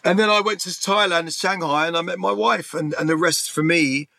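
A man's voice: high voice, a little fast, creaky, pushed and bright, no echo. A middle-aged man from England telling his life story in a candid, rambling interview, swearing freely and restarting his sentences. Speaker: interview guest.

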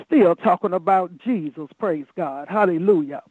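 A man preaching a sermon, fervent and filling every pause with "amen," "praise God" and "my God.". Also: high-pitched, slightly rough, no echo. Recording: tinny phone-like dry sound.

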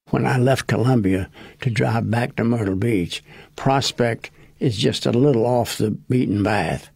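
A man recounting a personal story in a casual, deliberate way, acting out the other voices in the dialogue. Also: mid-range voice, vocal fry, a little mellow, slightly rough, dry recording, studio quality. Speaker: interviewee recounting events.

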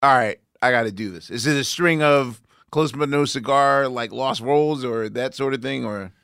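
Podcast host guy, laid back, mid pitch voice, jumps in with follow-up questions. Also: moderate pace, creaky, clear, resonant tone. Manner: relaxed, asks follow-up questions. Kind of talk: casual interview chat.

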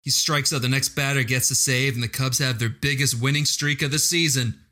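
A man's voice: medium pitch, fairly even intonation, a little fast, pushed and bright. A man co-hosting a podcast, chatting casually with wry, sarcastic humor. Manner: wry, sarcastic, laughs often. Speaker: podcast co-host. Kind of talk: casual comedic chat.

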